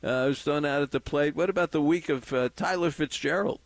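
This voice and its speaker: A man's voice: on the high side, a little fast, no room sound. A man hosting a sports radio show, talking in an eager, folksy way and putting leading questions to his guest. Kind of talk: casual sports radio chat.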